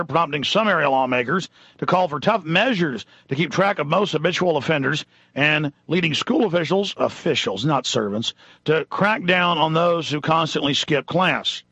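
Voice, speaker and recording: A man's voice: fairly high pitch, animated, normal speed, sharp tone, husky, dry recording, dull audio. Indignant ranting male talk radio host. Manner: ranting, indignant, reads news items aloud. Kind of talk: impassioned talk radio monologue.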